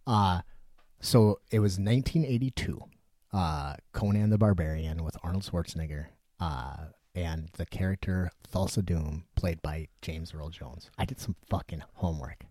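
Man in his forties, very low voice, husky rasp, dry close sound, swears a lot. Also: normal speed, dark tone, dry recording. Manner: swears freely, rambling storytelling. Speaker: podcast co-host. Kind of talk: casual chat.

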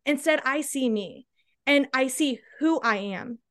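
High-voiced energetic woman coach. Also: measured pace. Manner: energetic, emphatic, tag questions like "right?". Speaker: guest, body-confidence coach. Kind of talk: passionate interview answers.

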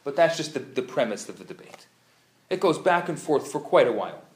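A man teaching a live class, an animated, playful storyteller who acts out the dialogue. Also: a little high, fairly quick. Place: classroom at a community center. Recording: roomy live room sound.

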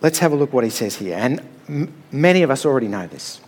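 A man's voice: mid-range voice, very animated, fast, darkish tone, husky. A middle-aged man preaching a sermon in a conversational, storytelling way, often checking in with "all right?".

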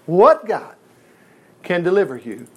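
A man's voice: high voice, sing-song, unhurried, breathy edge, exaggerated voice. A preacher acting as an angry king. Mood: angry, threatening. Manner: stern, threatening. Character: angry proud ancient king, male, middle-aged.

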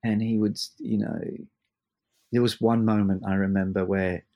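A man chatting casually as a musician guest in an interview, starting and restarting sentences as he tells animated stories. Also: lowish voice, dull audio. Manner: halting, many restarts, animated storyteller.

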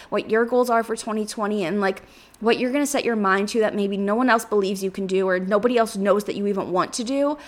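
A woman in her twenties hosting her own podcast, talking earnestly in a rambling way and sounding close to tears. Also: on the high side. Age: 20s. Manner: earnest, rambling, uses "like" and "literally" often. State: emotional, near tears. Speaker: podcast host. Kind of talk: solo podcast monologue.

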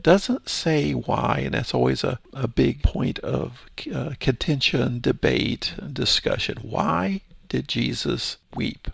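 A man reading Bible verses aloud and explaining them in a relaxed, thinking-aloud teaching style. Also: mid-range voice, slow, vocal fry, few pauses, husky, no room sound, studio quality. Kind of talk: Bible study commentary.

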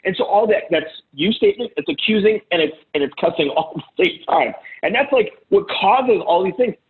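A man's voice: high-pitched, lively intonation, brisk. Blunt, profane man on a tinny line. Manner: blunt and profane, acts out heated quotes loudly. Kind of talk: casual advice monologue. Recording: phone-like lo-fi audio.

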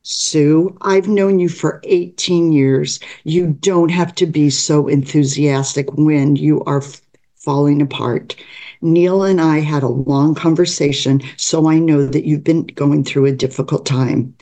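A direct, earnest longtime friend who talks plainly and with care, as a woman reads her. The delivery is slow and mellow. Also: low-pitched, steady tone.

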